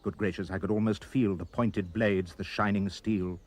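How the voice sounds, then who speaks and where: A man reading a rhyming children's poem aloud with expressive, sing-song delivery. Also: on the low side, moderate pace. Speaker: reader.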